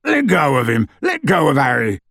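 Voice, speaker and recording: A man voicing a huge, gruff half-giant who speaks slowly and heavily. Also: lowish voice, expressive, dry recording, studio quality, heavily acted. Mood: indignant. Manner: gruff, slow and heavy.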